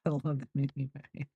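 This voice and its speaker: Rumbling low and warm with vocal fry and a slightly rough edge, a middle-aged woman chats casually on her crochet channel, replying to viewers and rambling off mid-sentence. The recording is dry and lo-fi.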